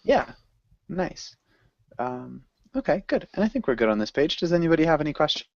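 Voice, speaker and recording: A man's voice: a little high, big pitch swings, fairly quick, vocal fry, no room sound, highs cut off. A man teaching an English class, patient and encouraging as he explains pronunciation. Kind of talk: online group language lesson.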